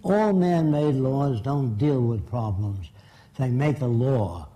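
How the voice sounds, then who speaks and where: An older man giving an informal talk, telling sardonic stories and mocking asides, sometimes putting on quick voices for the people he quotes. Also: mid-range voice, expressive, dark tone, rough recording. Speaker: speaker on science and religion. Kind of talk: informal lecture.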